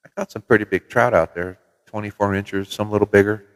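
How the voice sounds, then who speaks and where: A middle-aged man from Minnesota hosts a casual livestream from his CB radio shop, spinning relaxed, folksy stories with the odd swear word. His voice sits a little low. The room gives it a long, hall-like reverb. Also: a little fast. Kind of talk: casual livestream chat with viewers. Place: CB radio shop in New Mexico.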